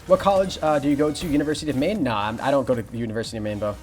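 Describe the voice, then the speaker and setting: Fast-talking young man streaming a game. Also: mid-range voice. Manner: fast, excitable, reads chat aloud and greets viewers. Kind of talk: live gameplay commentary. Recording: music playing behind.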